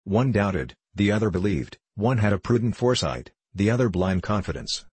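A man with a deep, husky voice narrates an old adventure novel. His delivery is measured and formal, and the recording is close and dry with no room sound. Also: animated, darkish tone, dry recording. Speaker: audiobook narrator. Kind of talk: scripted narration.

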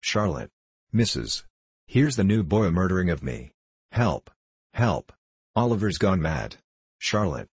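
A man's voice: low-pitched, sing-song, measured pace, pauses often, slightly rough, no room sound, heavily acted. A man voicing a jeering, spiteful teenage charity boy. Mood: panicked. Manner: mocking, taunting.

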